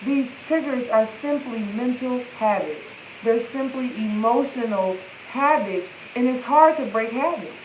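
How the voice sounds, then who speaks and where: A woman's voice: on the high side, unhurried, hardly any pauses, darkish tone, roomy sound, slight background noise, poor audio. A woman healing coach, livestreaming from her phone and speaking in emphatic, repetitive affirmations. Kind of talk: live-stream self-help talk.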